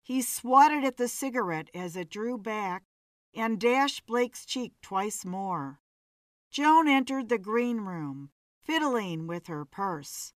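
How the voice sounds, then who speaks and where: A woman reading a suspenseful short story aloud in a calm, measured way. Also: fairly high pitch, no echo, clean studio sound. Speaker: story reader. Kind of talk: story narration.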